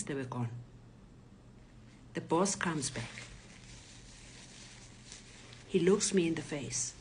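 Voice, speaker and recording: Woman telling her story in a low, whispery voice. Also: darkish tone, slight background noise. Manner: dramatic retelling, acts out the voices, often whispery. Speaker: storyteller recounting a personal ordeal. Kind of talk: emotional personal testimony.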